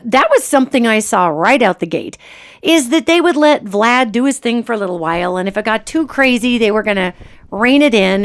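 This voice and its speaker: A woman hosting a podcast in a chatty, casual monologue, her voice gritchy and a little hoarse from allergies. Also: fairly high pitch. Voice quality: gritchy, slightly raspy. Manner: chatty and animated, jokey asides. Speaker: podcast host.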